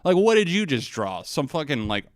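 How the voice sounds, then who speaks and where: A man's voice: a little high, big pitch swings, moderate pace, dry recording, clean studio sound. A man streaming live music reactions, tipsy from drinking, sarcastic and profane with theatrical outrage.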